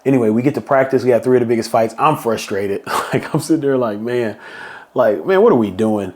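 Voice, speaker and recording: A middle-aged man hosts a podcast, telling a story in a casual monologue and acting out quotes with bursts of higher pitch. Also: expressive, fairly quick, a little mellow. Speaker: podcast host.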